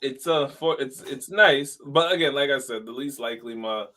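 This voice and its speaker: A man's voice: mid-range voice, normal speed, sharp tone. A man hosting a casual podcast chat, teasing his friends and steering the topics. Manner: teasing, playful, leads the topics. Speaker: podcast host.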